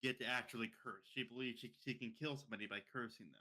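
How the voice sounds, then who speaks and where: A young man tells a spooky story on a casual podcast. His voice is bright and forward. He rambles, doubles back and repeats words as he goes. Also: medium pitch, steady tone, fast talker. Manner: rambling, repeats words and restarts, mimics others' speech. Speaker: podcast co-host.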